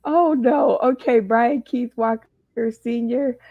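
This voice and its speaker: A woman hosts a playful panel game and teases her guests as she asks the questions. She talks slowly, a little higher than most women, and her voice sounds dry and dull. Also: fairly even intonation, no room sound. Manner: playful, teasing. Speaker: host. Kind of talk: game show hosting.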